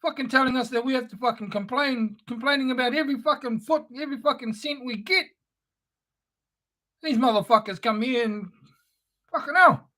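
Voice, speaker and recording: High-pitched angry New ranter. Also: normal speed, sharp tone. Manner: angry, profane, sneering. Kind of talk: spoken-word rant.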